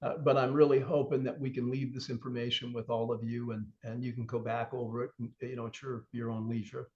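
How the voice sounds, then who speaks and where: A man's voice: medium pitch, little pitch movement, brisk, darkish tone, lo-fi sound, a little hiss or hum. A man leading an online corrections training session, talking through the objectives in a conversational way with lots of fillers.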